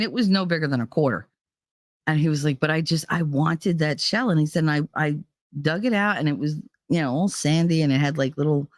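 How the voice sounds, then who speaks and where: A woman's voice: sits low, no echo, clean studio sound. A woman hosting her own vlog, telling a personal story in a candid, profane way and acting out the people in it. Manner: candid, profane, acts out quoted dialogue. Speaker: vlog host.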